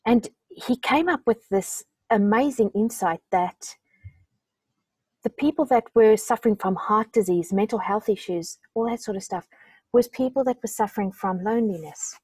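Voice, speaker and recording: A woman's voice: medium pitch, normal speed, a little mellow, breathy edge, dry recording. A middle-aged woman hosting a podcast interview, speaking in an emotional, openly moved way. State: tearing up. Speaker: podcast host. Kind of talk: heartfelt conversational interview.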